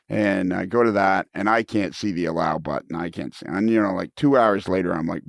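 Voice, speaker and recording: With a low voice and vocal fry, a man hosts a podcast from a recording studio with no room sound. He chats casually, telling a rambling story at his own expense.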